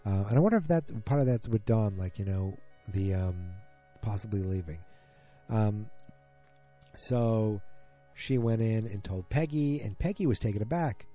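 A man's voice: on the low side, moderate pace, mellow, soft background music. A man casually recapping a TV episode, musing aloud and trailing off with ums and restarts, speaking straight to his listeners.

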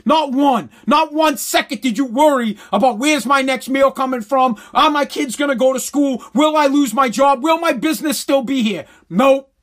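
A man's voice: very high voice, moderate pace, fairly bright tone. A man delivering a blunt, heated, sarcastic opinion rant full of crude swearing.

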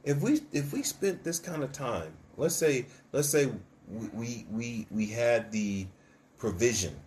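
A man's voice: mid-range voice, unhurried, slight background noise. Storytelling man on a church talk stream. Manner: storytelling, animated, acts out quotes, laughs often. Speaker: co-host of a church podcast. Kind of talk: casual faith chat.

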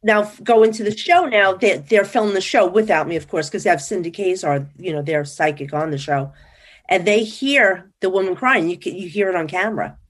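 A woman from New Jersey, a psychic guest in an interview, telling stories in a lively, chatty way and acting out what people said. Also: medium pitch, fairly quick. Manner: animated, acts out quoted dialogue. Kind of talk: casual interview storytelling.

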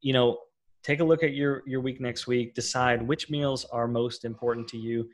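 Guy on a podcast giving advice, flat and even, kinda halting. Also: mid-range voice. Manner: halting, repeats words, gives advice. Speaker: podcast co-host, fasting coach. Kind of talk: casual podcast chat.

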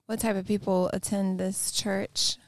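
A woman's voice: mid-range voice, little pitch movement, measured pace, no room sound, clean studio sound. A woman playing a tabletop role-playing game, asking questions in character in a playful, teasing way. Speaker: player.

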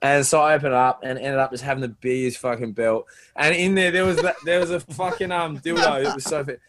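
A man's voice: medium pitch, fast. Young aussie guy, sweary and laughing, telling wild stories on a podcast. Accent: Australian. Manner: crude, laughing, animated storyteller. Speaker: podcast guest. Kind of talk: casual storytelling chat.

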